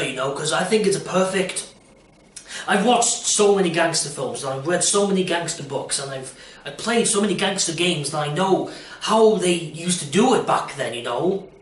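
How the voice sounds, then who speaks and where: A young man hoping to perform chats loosely about auditions, cracking jokes and using plenty of fillers like "you know". This is a casual self-recorded audition talk. His fairly high, slightly bright voice is captured from a distance in an echoey room.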